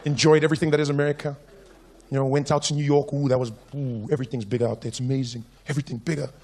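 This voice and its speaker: A South African man doing stand-up comedy, telling stories in an animated, playful way. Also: medium pitch, very fast, slight background noise.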